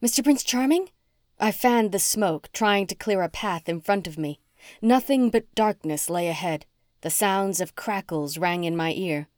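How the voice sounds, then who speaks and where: A woman reading a first-person novel aloud as an audiobook narrator, with expressive, dramatic storytelling. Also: on the low side, unhurried, dry recording, clean studio sound.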